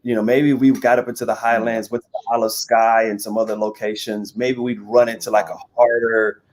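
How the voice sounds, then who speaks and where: A man's voice: on the low side, level tone, brisk, darkish tone. Interview guest, American man, candid and chatty, stumbles over his words. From United States. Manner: stammering restarts, candid and chatty. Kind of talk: casual interview chat.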